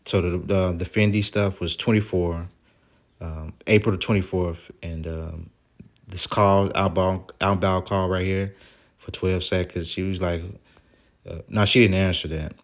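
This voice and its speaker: Deep-voiced man venting in a rambling vlog. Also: fairly even intonation, unhurried. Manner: rambling and aggrieved, with casual profanity. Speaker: vlogger. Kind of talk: venting vlog monologue reading out texts.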